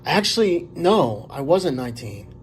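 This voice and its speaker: A man in his forties telling a story to camera in a rambling, halting way, full of fillers and restarts. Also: a little high, big pitch swings, slight background noise. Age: 40s. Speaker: vlogger.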